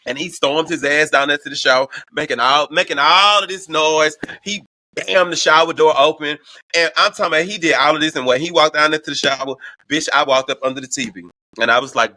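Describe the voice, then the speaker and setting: Man, from Houston, show host, storytime, profane, bright slightly high voice. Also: brisk. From Houston, Texas. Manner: profane, animated, gossipy storytelling. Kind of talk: casual storytime commentary.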